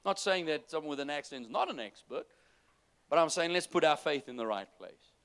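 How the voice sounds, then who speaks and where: A man preaching a sermon, moving between loud, urgent exhortation and soft, low-voiced asides to the congregation. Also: lively intonation, brisk, clear, resonant tone. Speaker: pastor.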